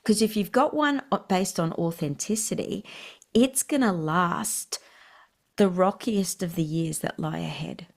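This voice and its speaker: A woman's voice: on the low side, measured pace, vocal fry. A middle-aged woman. She is a parenting expert guest on a podcast who tells stories with lots of energy and laughs often. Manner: animated storytelling, laughs often. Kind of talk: podcast interview.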